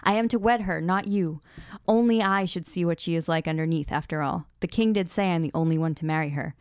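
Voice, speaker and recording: A woman reading aloud the lines of a gruff, protective scarred warrior man in a low, slightly raspy voice. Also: brisk, no echo, clean studio sound, lightly acted.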